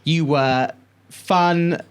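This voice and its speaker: A male podcast co-host in loose, casual chat. He tells stories with animated energy, drawing out words for effect and swearing freely. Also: on the high side, extremely slow, clean tone.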